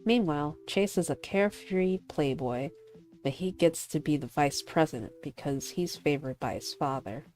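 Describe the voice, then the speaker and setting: A woman playing through a visual novel, reading the narration and adding animated, laughing commentary. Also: sits low, moderate pace. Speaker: streamer voicing a visual novel.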